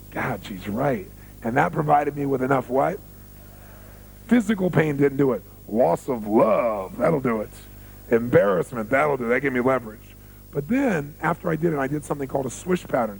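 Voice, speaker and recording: A man telling stories in a motivational seminar, animated and full of rhetorical questions to the audience. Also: medium pitch, vocal fry, breathy edge, low-quality recording. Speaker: seminar speaker.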